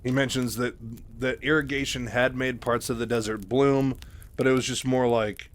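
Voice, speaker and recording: A man's voice: mid-range voice, steady tone, moderate pace. A man casually recapping a book in a rambling, filler-heavy way. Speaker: narrator.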